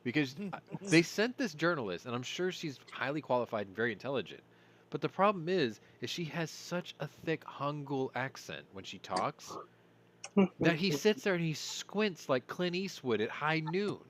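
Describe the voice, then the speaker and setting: A man's voice: fairly high pitch, sing-song, normal speed, a bit bright. A man hosting a casual news commentary show, rambling, going off on tangents and apologizing for them. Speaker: host.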